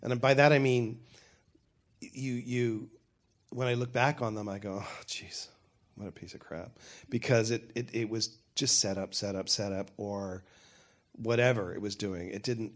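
An older showrunner with a fairly low voice answers questions in a panel Q&A. He speaks frankly and rambles, stopping, restarting and correcting his sentences as he thinks aloud.

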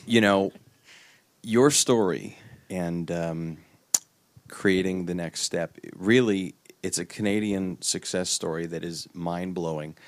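A man from the audience with a very deep voice speaks at a live panel. He gushes with praise before he gets to his question. His voice sounds close and dry. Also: slow, dry recording. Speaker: audience member asking a question.

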